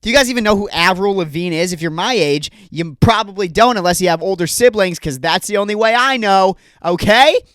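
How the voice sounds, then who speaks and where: A man's voice: sits high, lively intonation, fairly quick, few pauses, a bit bright, smooth, no echo, studio quality. A young man hosting a comedy podcast, ranting in a mock-angry way with lots of rhetorical questions. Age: young adult. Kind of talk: solo comedic rant.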